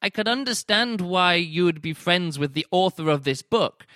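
A man's voice: high voice, expressive, moderate pace, pushed and bright, no echo, clean studio sound. A man hosting a podcast, giving a casual spoken book review and acting out his own reactions in quoted asides. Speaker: podcast host reviewing books.

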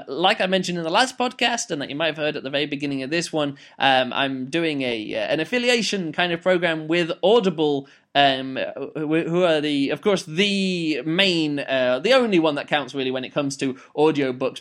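A man's voice: medium pitch, a bit bright. A man hosting a podcast, reviewing a book in a loose, rambling way with many fillers and restarts. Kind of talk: casual spoken review.

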